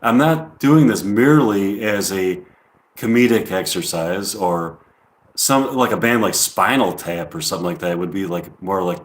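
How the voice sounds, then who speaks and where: A man's voice: low voice, moderate pace, echoey room. A man doing a rambling improvised comedy monologue on a live stream, full of restarts and casual swearing.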